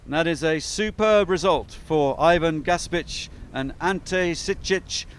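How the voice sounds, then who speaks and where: A man's voice: a little high, takes it slowly, slight background noise. A man giving chatty, upbeat live commentary on a sailing race, with frequent fillers.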